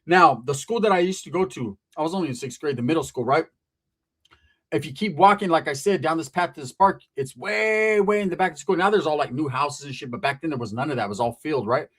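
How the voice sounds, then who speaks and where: A man in his forties from California telling a comedic story, profane and animated, acting out the people in it. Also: on the high side, quick pace. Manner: profane, animated, acts out voices.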